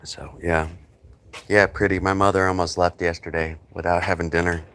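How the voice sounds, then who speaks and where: A man's voice: low-pitched, little pitch movement, moderate pace, fairly bright tone, smooth. A middle-aged man hosting a casual livestream, rambling chattily and greeting viewers by name. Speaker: livestream host.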